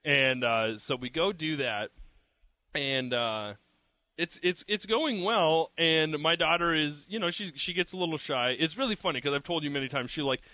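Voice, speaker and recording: Bright-voiced man telling stories. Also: a little high, moderate pace, no room sound. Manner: rambling storyteller, many restarts. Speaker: podcast co-host. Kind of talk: casual chat.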